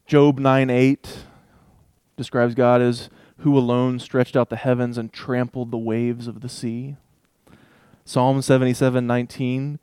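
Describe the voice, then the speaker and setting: A man teaching a Bible passage in a relaxed, conversational way, reading verses aloud and thinking out loud with asides. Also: mid-range voice, a little slow, smooth, no room sound, clean studio sound. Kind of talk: casual Bible study talk with scripture reading.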